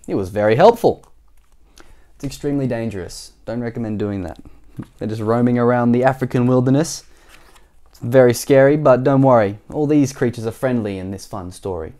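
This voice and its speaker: A man's voice: medium pitch, brisk, warm tone. A man from Australia, reading a children's storybook aloud and adding playful chatty asides to listeners. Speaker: storybook reader.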